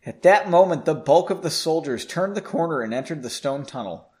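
A man's voice: on the high side, animated, fairly quick, a little mellow. A man reading a fantasy story aloud, breaking in with sarcastic, amused asides. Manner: sarcastic, amused, self-mocking. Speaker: reader of a story.

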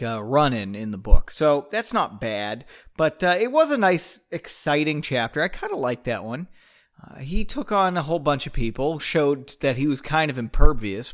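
A man's voice: fairly high pitch, fairly bright tone. A man reading his own book aloud, with casual joking asides while sipping a drink.

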